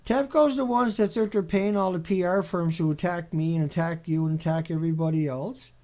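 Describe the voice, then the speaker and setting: A man's voice: high-pitched, fairly quick, mellow. A man giving sarcastic, ranting commentary on a series of pictures, mocking and repetitive in his delivery. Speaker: video commentator.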